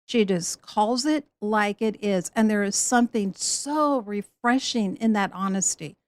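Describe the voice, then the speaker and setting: A woman teaching the Bible in an animated storytelling way, acting out the people she quotes. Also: medium pitch, unhurried, no echo.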